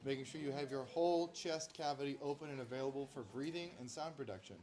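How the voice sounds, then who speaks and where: A man's voice: medium pitch, quick pace, background noise. A man teaching a school band class, counting off the players and asking them questions. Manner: counts off and directs rehearsal, asks questions. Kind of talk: classroom instruction.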